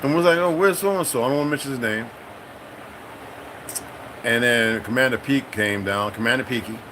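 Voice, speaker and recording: A middle-aged military veteran talking in a casual, rambling monologue, profane and streetwise, breaking into sudden high-pitched bursts. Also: male voice, moderate pace, sharp tone, a little hiss or hum, low-quality recording.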